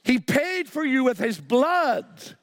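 A man's voice: extremely high pitch, very animated, slow, fairly bright tone, clean studio sound. A man preaching a sermon with emphatic, repeated phrases and a short story woven in. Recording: long hall reverb.

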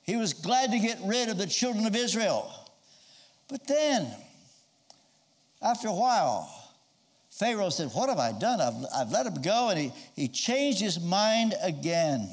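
A man's voice: sits high, sing-song, unhurried. A man preaching a sermon, telling a Bible story and acting out the quoted voices as he goes.

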